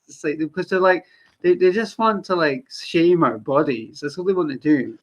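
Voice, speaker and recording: A woman's voice: low-pitched, normal speed. A woman with a Scottish accent, chatting casually and animatedly on a podcast, with lots of fillers. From Scotland.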